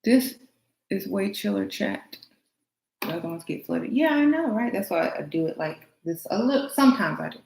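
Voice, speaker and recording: A woman's voice: medium pitch, expressive, moderate pace, creaky, darkish tone. A woman vlogger chatting casually with her stream chat while getting ready, laughing and answering comments. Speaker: beauty vlogger livestreaming to chat. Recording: roomy echo, faint noise.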